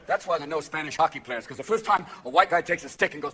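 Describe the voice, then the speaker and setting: A man doing live stand-up comedy with a manic delivery, jumping between bursts of shouting and asides. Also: a little high, fast talker, few pauses, slight background noise. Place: live comedy stage with laughing audience. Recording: live show audio with crowd laughter.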